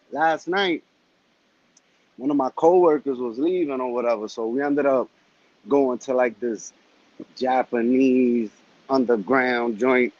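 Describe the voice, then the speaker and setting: A man calling into a live show who tells a story with animated street slang. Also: mid-range voice, lo-fi sound. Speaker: caller. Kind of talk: casual call-in chat.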